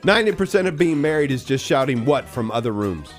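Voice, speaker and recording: A man's voice: medium pitch, very animated, fast talker, soft background music. A man co-hosting a radio show, trading jokes in playful banter and chuckling often. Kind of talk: joke-telling radio banter. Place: radio studio.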